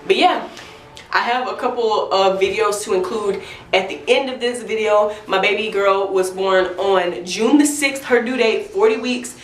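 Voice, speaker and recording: A woman's voice: medium pitch, normal speed. A young woman telling a candid, chatty storytime to her viewers. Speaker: vlogger. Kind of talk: storytime vlog. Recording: roomy echo, mic at a distance.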